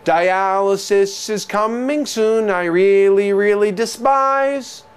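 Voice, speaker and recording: A man's voice: high voice, slow, clear, resonant tone. A man giving a jokey exam review lecture who quizzes listeners with rhetorical questions and repeats key terms.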